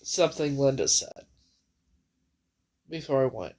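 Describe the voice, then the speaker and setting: A woman crying as she tells a rambling, emotional personal story indoors at home, with halting restarts. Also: extremely low pitch, animated, a little mellow, a little hiss or hum. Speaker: vlogger.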